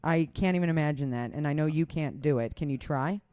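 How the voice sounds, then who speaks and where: A woman's voice: low voice, a little fast, dark tone, clear, resonant tone, no echo. A woman co-hosting a podcast, chatting casually and candidly, swearing freely and poking fun at herself. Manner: chatty, swearing, self-deprecating. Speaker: podcast co-host; comedian. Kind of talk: casual chat. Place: indoors.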